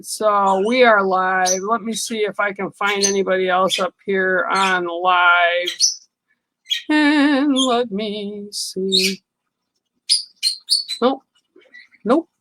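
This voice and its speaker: A woman doing spiritual card readings on a livestream, talking slowly with many ums and pauses. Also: medium pitch, fairly bright tone, slight background noise, low-quality recording. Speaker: livestream psychic reader.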